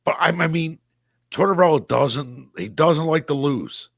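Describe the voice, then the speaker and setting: A man's voice: a little high, a little slow, creaky, dry recording, studio quality. A man co-hosting a casual sports podcast, frank and emphatic, often repeating his point. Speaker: podcast co-host.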